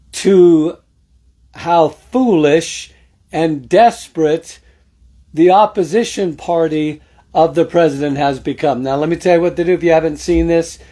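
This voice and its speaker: A man's voice: fairly high pitch, dark tone. A man hosting a political commentary show, talking casually and sarcastically to his viewers, greeting them by name and punctuating points with amen.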